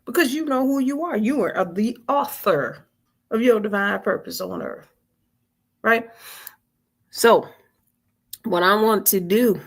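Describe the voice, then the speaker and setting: A woman's voice: mid-range voice, gravelly, a bit bright. A woman hosting a weekly spiritual vigil on a live stream, talking informally and earnestly, repeating phrases and coaxing listeners to answer. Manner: colloquial and earnest.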